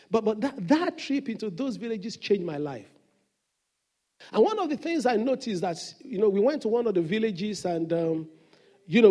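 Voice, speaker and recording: Male pastor, sermon delivery; high-pitched, warm and mellow tone, earnest storyteller who stumbles and restarts. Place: church service.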